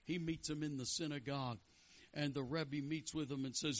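A man's voice: on the high side, fairly even intonation, moderate pace. A man preaching a sermon and delivering prophetic words, fervently calling out praise and questions to the congregation. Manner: fervent, chanting praise and call-outs. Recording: dull lo-fi sound.

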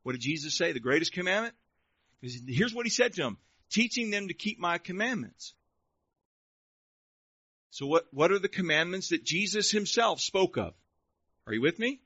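Emphatic man preaching a sermon, fairly high voice, dry close sound. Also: very animated, brisk, bright, forceful tone, slightly rough, no room sound. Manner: emphatic, asks the congregation questions. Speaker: pastor. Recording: dull lo-fi recording.

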